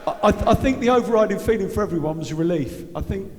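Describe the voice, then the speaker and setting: Bloke on stage recalling old matches, slightly high voice, hall echo, swears and jokes. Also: male voice. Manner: candid, animated, quick to swear and joke. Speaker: former footballer, guest. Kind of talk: live on-stage interview. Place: large arena stage. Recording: long reverb of a big hall.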